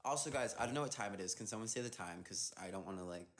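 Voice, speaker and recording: A young man with a lowish voice talks very fast over a very noisy recording. He's a dancer hosting an Instagram live on his phone, reading viewer comments aloud and answering them playfully. He often trails off mid-thought in this casual chat.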